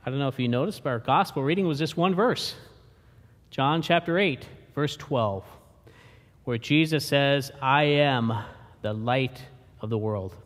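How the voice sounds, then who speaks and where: A man preaching a sermon as pastor, slow and emphatic, with dramatic pauses. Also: on the high side, big-room sound.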